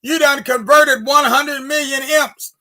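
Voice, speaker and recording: A woman storyteller voicing a loud, blustering male devil who hollers in disbelief, in a recorded folk tale. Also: high-pitched, steady tone, measured pace, voice pushed up. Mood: indignant. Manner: hollering, incredulous.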